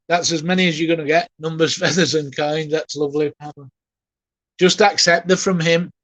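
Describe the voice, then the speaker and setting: A man working as a spiritualist medium, giving a live reading in a gentle, halting, often emotional way while softly reassuring the person he addresses. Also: fairly high pitch, no echo.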